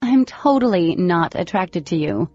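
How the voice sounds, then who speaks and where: A woman voicing a defiant teenage girl who snaps back in loud, indignant retorts. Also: lowish voice, animated, moderate pace, no echo. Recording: slightly lo-fi with faint music.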